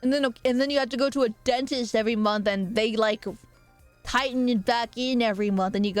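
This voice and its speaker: A woman's voice: on the high side, fairly even intonation, fairly quick, faint music behind. A young woman streaming live, chatting casually with viewers and reading their comments aloud, with a playful, teasing manner and frequent laughter.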